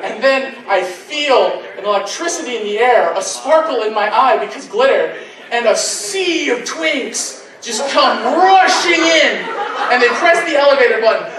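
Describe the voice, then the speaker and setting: A man's voice: very high voice, lively intonation, unhurried, a crowd in the background. A man doing a crude, self-deprecating amateur stand-up set at a convention. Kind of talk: live stand-up comedy. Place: convention stage. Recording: echoey room from far off.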